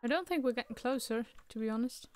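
Chatty woman streamer, higher voice. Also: quick pace. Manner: chatty, jokey, talks to the game. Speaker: let's play streamer. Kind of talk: casual gameplay commentary.

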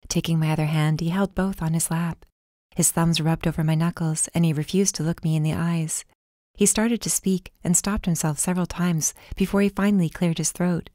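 A woman narrating a first-person audiobook in a calm, measured way. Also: low-pitched, dry recording, clean studio sound.

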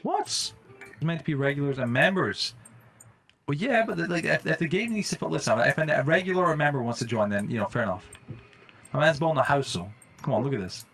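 A young man live-streaming a game, chatting with viewers in slang and breaking into loud exclamations. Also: fairly high pitch, lively intonation, brisk, slightly rough. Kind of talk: live-stream gaming commentary. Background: faint music.

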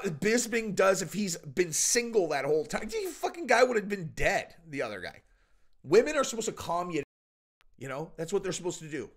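A man's voice: high voice, sing-song, normal speed. A man hosting his own channel, giving a casual, rambling commentary monologue full of profanity and asides. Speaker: channel host.

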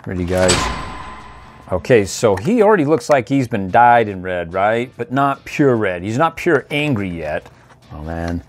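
A man's voice: lowish voice, very animated, unhurried, a little hiss or hum. A man hosting a casual toy review vlog, joking playfully and chuckling often as he unboxes toys.

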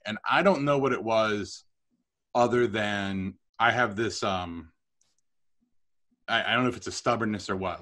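A middle-aged man telling stories about his career as a podcast guest, chatty and animated with self-deprecating humor. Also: on the low side, measured pace, long pauses. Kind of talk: storytelling interview.

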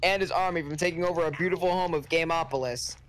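A man reading an earnest male martial artist's lines aloud from fan fiction in a flat reading voice. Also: fairly high pitch, fast talker, close to an everyday voice.

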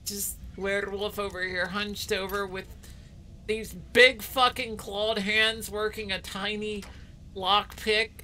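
A woman's voice: mid-range voice, little pitch movement, slow pace, sharp tone, slight background noise. A woman giving casual, profane running commentary while streaming a video game, playfully meowing between comments. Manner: profane, playful, talks to herself.

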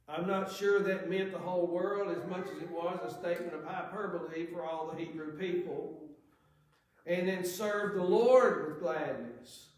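A man preaching a sermon, earnest, reading scripture aloud with rising emphasis. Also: on the high side. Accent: Southern American. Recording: very echoey church hall.

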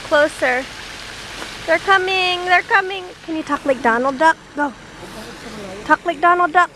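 A woman's voice: extremely high pitch, a little slow, sharp tone. A woman filming her young child outdoors by a pond, coaxing and encouraging in a sing-song way on a handheld camcorder. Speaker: mother filming her toddler. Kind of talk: home video chatter. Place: outdoors by a pond in cold weather. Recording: noisy outdoor home video, traffic nearby.

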